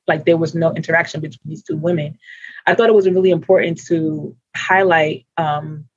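An earnest panel speaker with a husky, breathy voice, thinking aloud and circling back to restart sentences. The recording is dry, close, and a bit muffled and lo-fi. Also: mid-range voice, dry recording. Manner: earnest, searching for words, frequent restarts. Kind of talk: unscripted panel discussion. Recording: dull lo-fi recording.

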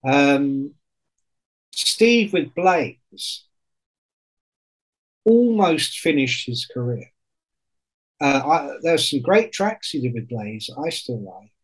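A man in casual chat on a podcast, telling stories in an animated way and swearing often. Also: mid-range voice, very slow, long pauses, breathy edge, poor audio.

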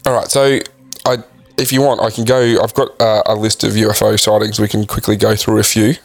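Low gravelly man reading facts. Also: flat delivery, no room sound, faint music behind. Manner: reads facts from a list haltingly, with many ums. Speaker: podcast co-host. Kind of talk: casual chat.

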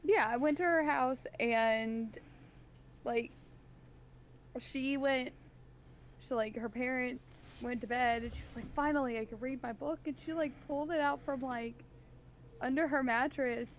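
A woman with a slightly high voice tells a casual story on a gaming podcast, chatty and filler-heavy. A faint hiss of noise runs under her line. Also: a little slow, pauses often. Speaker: podcast co-host.

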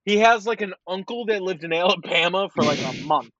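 A man's voice: sits high, brisk, fairly bright tone, muffled recording. A man hosting a casual sports podcast, joking and steering the talk between segments. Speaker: podcast host.

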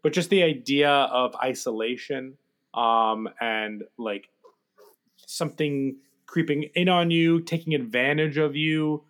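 A man's voice: mid-range voice, unhurried, a bit bright. A man co-hosting a casual podcast chat, hesitant and full of fillers and restarts. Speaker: podcast co-host.

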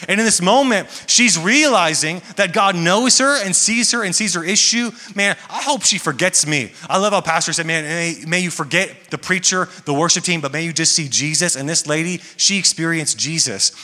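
A man's voice: fairly high pitch, normal speed, few pauses, pushed and bright. A young man preaching to a church congregation, talking casually and joking. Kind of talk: sermon. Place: large church hall. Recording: echoey hall with long reverb.

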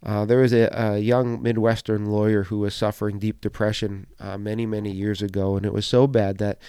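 Earnest preacher guy, encouraging sermon, lowish smooth voice. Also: level tone, fairly quick, dark tone, no echo, studio quality.

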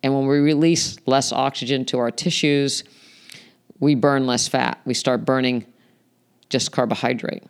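A man hosting a solo health podcast explains topics conversationally, using lots of fillers, especially "you know." His voice is medium-pitched, smooth and steady in tone, at a measured pace.

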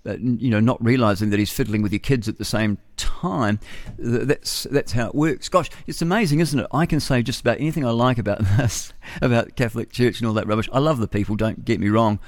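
A man's voice: medium pitch, brisk, no room sound. A middle-aged man with a New Zealand accent hosting a breakfast radio show, rambling and opinionated, laughing at his own jokes. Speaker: radio host. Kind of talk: rambling talk-radio monologue. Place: radio studio.

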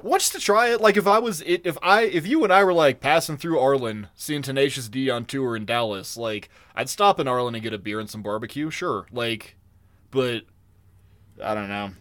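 A man's voice: mid-range voice, normal speed, fairly bright tone, dry recording, clean studio sound. A man co-hosting a podcast, reviewing a cartoon episode in casual, profane, ranting chat. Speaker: podcast co-host.

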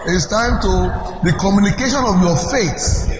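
A middle-aged Nigerian-accented man preaching a conference sermon, animated and breaking into shouts. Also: high voice, normal speed, music in the background. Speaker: pastor. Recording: echoey, dull, noisy hall recording.

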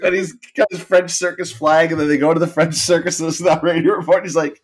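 A man in casual chat, animated, often quoting lines in put-on voices. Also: fairly high pitch, fast talker, few pauses, husky. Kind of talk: casual chat about TV shows.

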